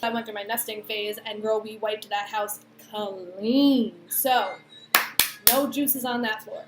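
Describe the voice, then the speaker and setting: A young woman in her twenties telling a personal story to camera, chatty and animated, with lots of fillers and acted-out quotes. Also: mid-range voice, slow. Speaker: vlogger. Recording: echoey room, faint background noise.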